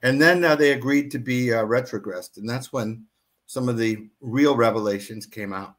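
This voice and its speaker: Earnest male author, middle pitch. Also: normal speed, fairly bright tone. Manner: earnest, many restarts and fillers. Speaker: author and guest. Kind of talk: book reading and interview talk.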